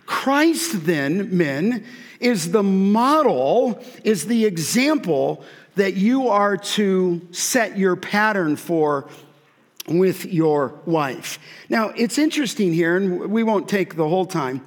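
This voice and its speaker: High-voiced male preacher in a reverberant hall. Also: lively intonation, takes it slowly. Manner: earnest, emphatic preaching with frequent restarts. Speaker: pastor. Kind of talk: sermon.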